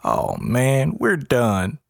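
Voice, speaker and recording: A man's voice: mid-range voice, wildly swooping pitch, drawn-out words, vocal fry, no echo, clean studio sound, voice pushed up, exaggerated voice. A man voicing a frightened young man who keeps complaining in slang. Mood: whining.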